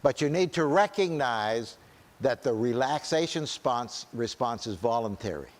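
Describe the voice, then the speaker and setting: A man's voice: medium pitch, expressive, moderate pace. A man giving a conversational church seminar talk at a camp meeting, often checking in with "right?" and restarting his sentences. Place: large meeting hall. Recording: long hall reverb.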